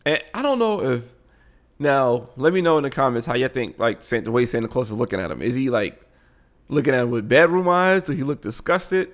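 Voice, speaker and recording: Animated man giving blunt casual commentary. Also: medium pitch, brisk. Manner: animated, blunt, frequent laughing asides. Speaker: host of a live commentary show.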